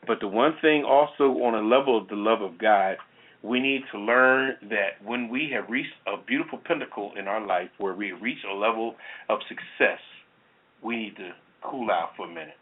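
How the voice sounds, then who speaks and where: A man hosting a talk show, rambling in casual chat full of "you know". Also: on the low side. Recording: tinny phone-like sound.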